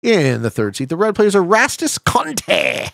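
Excitable man commentating a game, dry close sound. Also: high voice, measured pace, creaky, no echo. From Canada. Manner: excitable, laughs often, swears, bursts into loud shouting. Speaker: streamer playing an online strategy board game.

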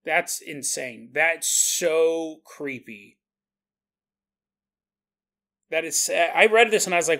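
A man hosting a podcast, telling a spooky story in a casual, animated way and often laughing at his own jokes. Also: on the high side, slow. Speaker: podcast host.

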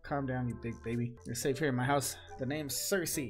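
A man's voice: medium pitch, fairly even intonation, a little fast, over music, natural voice. Game role: a man reading as a brash, bossy healer woman who teases. Casting note: breezy, near his own voice. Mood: teasing. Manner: breezy, teasing, calls others kiddo.

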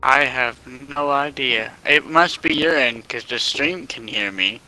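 A man chatting casually in a game session, his voice very bright and forward. He speaks in a relaxed, matter-of-fact way over faint music. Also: mid-range voice, a little slow, rough recording. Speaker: fellow player in the stream. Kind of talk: casual chat.

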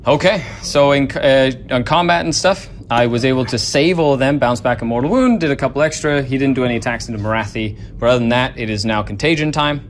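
A man's voice: mid-range voice, fast, few pauses, a little hiss or hum. A man hosting a tabletop wargame session, calling dice results and teasing his opponent in casual banter. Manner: excitable, teasing, counts dice aloud. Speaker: host and player in a tabletop battle report.

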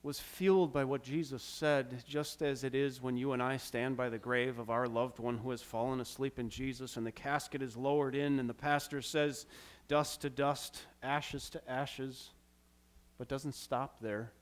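A man preaching a sermon as pastor, acting out quoted lines dramatically with swings from loud to hushed. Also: medium pitch, fairly even intonation, unhurried. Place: church.

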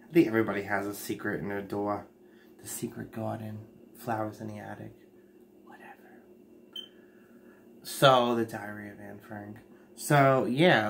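A man's voice: medium pitch, fairly bright tone, slight background noise. Blunt, profane man livestreaming late at night.

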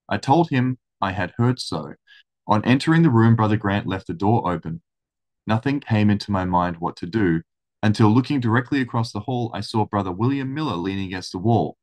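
A man reading a historical account aloud in steady storytelling, then commenting casually. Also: lowish voice, brisk. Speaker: religious study channel host.

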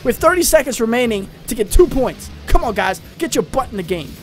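A young man with a high, bright voice runs an excitable let's-play commentary, rambling through jokes and shouting at his teammates. Soft music plays underneath him. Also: brisk. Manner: hyper, rambling, yells at teammates. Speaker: gaming channel host.

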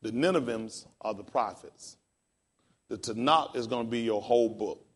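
A pastor teaching a class in a casual, encouraging way, spelling words out letter by letter. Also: male voice, mid-range voice, normal speed, husky.

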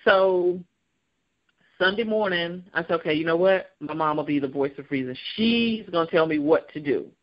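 Animated woman telling her own story. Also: on the low side, normal speed, highs cut off. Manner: animated, acts out voices of people in her story; laughs often while talking. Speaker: guest. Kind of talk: personal storytelling in an interview.

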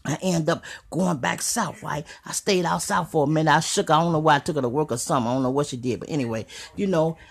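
A woman with a Chicago accent telling a profane comic story, animated and swearing. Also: deep voice, quick pace, gravelly, hardly any pauses, husky. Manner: animated, swearing, asks "you hear me". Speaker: comedic storyteller.

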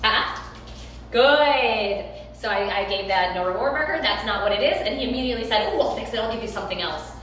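A woman's voice: quick pace, a little hiss or hum. Woman dog trainer, very echoey room. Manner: switches between calm explanation and high praise for the dog. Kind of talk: explaining while training a dog.

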